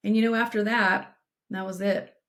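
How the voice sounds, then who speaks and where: A woman's voice: mid-range voice, fairly even intonation, a bit bright. A middle-aged woman co-hosting a podcast, giving direct advice and telling a painful personal story in an earnest way. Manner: earnest, direct, slows down for emphasis. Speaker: podcast co-host.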